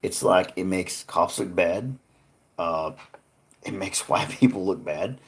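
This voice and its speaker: A man hosting a live stream, rambling earnestly to his chat with frequent restarts. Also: sits low. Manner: rambling, halting, many restarts; earnest, talks to chat viewers by name.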